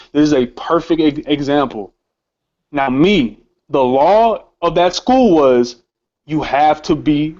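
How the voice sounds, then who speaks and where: A man's voice: fairly high pitch, darkish tone. A young man hosting a show and telling a personal story in a casual, heated way, swearing and stammering over his words, shaken as he talks. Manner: heated, profane, stammering repeats. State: emotionally shaken. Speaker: host. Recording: slightly muffled lo-fi recording.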